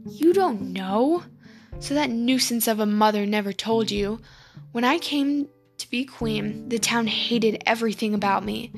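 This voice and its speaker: A cold, menacing evil queen gloats over her foe, as a woman reads her. She speaks in a slow, measured way. Faint music plays behind. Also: fairly high pitch. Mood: gloating.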